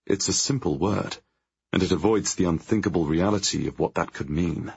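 Gravelly, husky man narrating an audiobook. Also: low-pitched, a little mellow. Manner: tense, measured storytelling. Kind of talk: first-person audiobook narration. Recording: dry, dull lo-fi audio.

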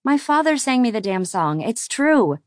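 A woman's voice: fairly high pitch, sing-song, normal speed, no room sound, clean studio sound, pitched above the performer's own voice. A woman voicing a spirited, stubborn woman who argues emphatically and playfully. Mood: indignant playful. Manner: indignant, emphatic.

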